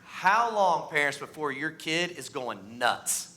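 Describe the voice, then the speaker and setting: Man, thirties, pastor, animated sermon in a church, bright tense voice. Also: takes it slowly. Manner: animated, acts out voices, pitch rises on mocking lines. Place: church sanctuary.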